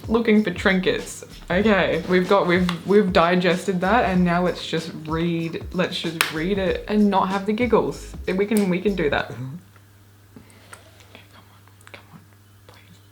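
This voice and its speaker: A woman's voice: on the low side, fairly even intonation, measured pace, a little hiss or hum. A young woman casually reading and reacting to posts in a playful, chatty way. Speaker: YouTuber.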